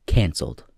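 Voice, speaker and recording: A young man hosting a crude comedy commentary, swinging from loud shouting bits to a mocking, profane rant. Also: no echo.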